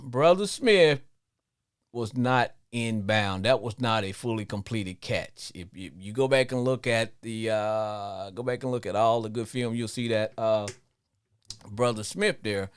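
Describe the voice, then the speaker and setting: Lively, rambling man ranting about football. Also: a little slow, smooth. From Arkansas, with Louisiana family. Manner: rambling, repeats words, laughs often, lively swings in pitch. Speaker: podcast host. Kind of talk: live sports call-in rant.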